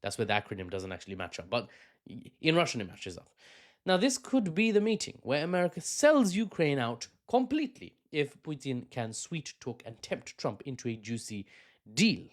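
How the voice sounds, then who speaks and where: A man's voice: medium pitch, very animated, moderate pace. A man hosting a political commentary vlog, talking in a conversational, opinionated way with asides and self-corrections. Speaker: news commentary host.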